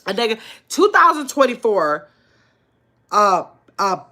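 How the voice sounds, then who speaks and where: An older woman hosting a casual livestream, talking earnestly in relaxed slang and reading viewer comments aloud. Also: mid-range voice, slow pace. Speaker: livestream host.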